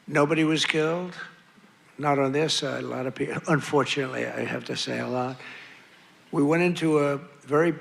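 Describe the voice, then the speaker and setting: Male politician at a rally: high, gravelly, punchy delivery, boastful and repetitive, faint crowd behind. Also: fairly even intonation, brisk. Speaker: president giving a rally speech. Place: outdoor or arena rally with a crowd. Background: faint crowd noise.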